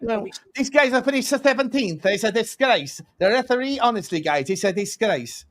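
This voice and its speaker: A man's voice: extremely high pitch, expressive, normal speed, a bit bright, voice pushed up. A man putting on a mock Italian accent to play an irate football manager who keeps calling things a disgrace. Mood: indignant. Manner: indignant, repeating complaints.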